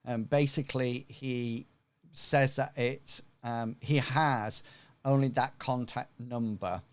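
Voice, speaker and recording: A man narrating as game master, relaxed and full of fillers. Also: mid-range voice, slow pace, clear, resonant tone.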